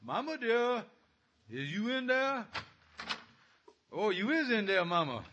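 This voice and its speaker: A man's voice: high-pitched, very animated, takes it slowly, bright, forceful tone, muffled recording, slight background noise, full character voice. A man playing a scheming, blustering middle-aged husband in a radio comedy, talking in broken grammar and fawning to get his way. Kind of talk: 1940s radio comedy acting.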